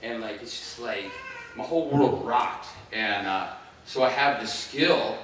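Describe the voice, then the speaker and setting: Giving a keynote, a fifties-aged Ohio man recounts his life in a loose, halting way, packed with fillers and restarts. His medium-pitched voice has a fairly bright tone and is far from the mic, in a very echoey hall with faint background noise.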